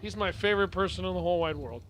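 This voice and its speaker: High, bright-voiced chatty male race announcer. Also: rapid-fire, slight background noise. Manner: chatty, joking, easily distracted. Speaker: track announcer. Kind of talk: casual race-day commentary.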